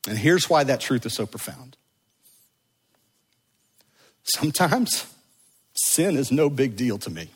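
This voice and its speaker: A middle-aged male pastor preaching in a church sanctuary. His husky voice has a long reverb tail from the hall. He speaks slowly, moving between pressing emphasis and quiet, hushed repetition. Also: mid-range voice, expressive. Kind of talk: sermon.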